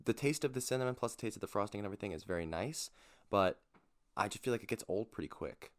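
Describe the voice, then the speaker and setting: A young man with a very deep, low voice co-hosts a casual podcast. He lays out his opinions earnestly and step by step, often restarting mid-sentence. The tone is friendly and conversational. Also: lively intonation, quick pace. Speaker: podcast co-host. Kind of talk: casual chat.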